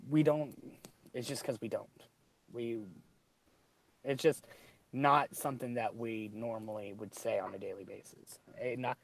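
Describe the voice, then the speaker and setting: A man's voice: mid-range voice, gravelly. A man with a Southern American accent, chatting casually on a podcast and rambling through many ums and restarts. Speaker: podcast co-host. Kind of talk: casual chat.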